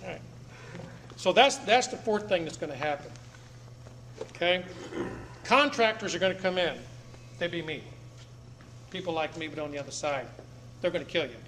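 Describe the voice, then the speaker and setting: A man's voice: a little high, moderate pace, pauses often, fairly bright tone. A middle-aged man giving a live talk to an audience, blunt and emphatic, hammering points home by repeating them. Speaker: speaker addressing an audience. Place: meeting room with seated audience. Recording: echoey room, faint background noise.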